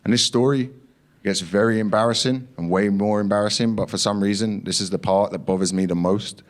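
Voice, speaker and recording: Young man doing stand-up, lowish voice. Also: steady tone, fairly quick. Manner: punchy storytelling with acted-out quotes and swearing. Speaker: stand-up comedian. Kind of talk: stand-up comedy set. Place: comedy club stage.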